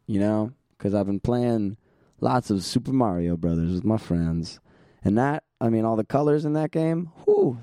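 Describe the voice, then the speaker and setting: Hoarse gravelly young man, rambling podcast chat. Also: warm tone, no echo, studio quality. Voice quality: gravelly, sandpapery. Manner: rambling, self-deprecating, laughs often; low energy, tired. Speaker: podcast host. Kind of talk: casual solo podcast chat.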